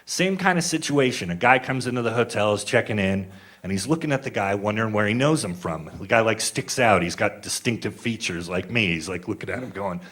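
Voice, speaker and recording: A man's voice: fairly low pitch, lively intonation, brisk, fairly bright tone. A man in his forties doing a stand-up comedy set, telling crude stories in a rambling, laid-back way with lots of filler words. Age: 40s.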